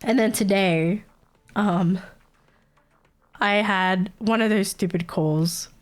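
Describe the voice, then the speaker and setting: A woman's voice: mid-range voice, takes it slowly. A young woman streaming live, chatting casually with her viewers, chatty and giggly and swearing freely.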